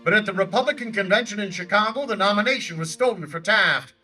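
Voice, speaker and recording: Guy doing old teddy roosevelt, fiery stump orator, high bright voice, big declamatory delivery, mic way off outdoors w/ faint music. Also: fast talker, far from the mic, full character voice, rough recording. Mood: rousing. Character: blustery Theodore Roosevelt, older man, fiery orator. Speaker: historical reenactor. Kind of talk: outdoor stump speech in character. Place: outdoor park by a lake.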